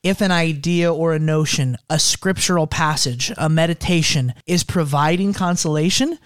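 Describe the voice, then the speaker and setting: A man in a casual faith discussion, speaking in a calm, instructive, measured way. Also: on the high side, clear, resonant tone, dry recording, studio quality.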